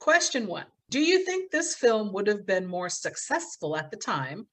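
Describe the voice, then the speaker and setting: A woman's voice: mid-range voice, very animated, moderate pace. A woman co-hosting a podcast, recapping a film plot in casual chat with a sarcastic, disbelieving manner. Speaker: podcast co-host.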